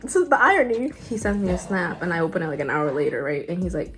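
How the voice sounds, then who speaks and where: Young woman vlogger doing a storytime, acts out the quotes, faint music behind. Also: on the low side. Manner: animated, acts out quoted lines, quick asides. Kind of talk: casual storytime.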